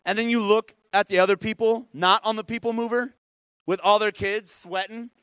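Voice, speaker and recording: Male pastor, high voice, lively conversational sermon, dry close sound. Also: normal speed, smooth, no echo. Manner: lively, conversational, asks the congregation questions.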